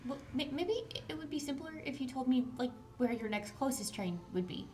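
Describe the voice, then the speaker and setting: A woman's voice: high voice, expressive, brisk, darkish tone, a little hiss or hum. A woman playing a tabletop game, hesitant and stammering. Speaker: player. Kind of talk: casual tabletop play.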